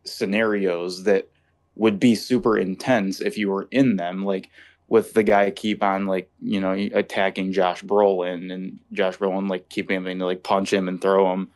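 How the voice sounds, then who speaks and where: A man giving steady, matter-of-fact opinions in a casual movie discussion. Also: deep voice. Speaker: podcast co-host.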